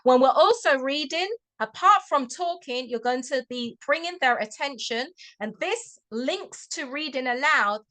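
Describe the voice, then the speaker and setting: A woman tutor speaks to a group of parents over a video call, with a fairly high voice. Her talk is chatty and encouraging, and she keeps checking in with a quick "okay?". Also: lively intonation, bright, forceful tone.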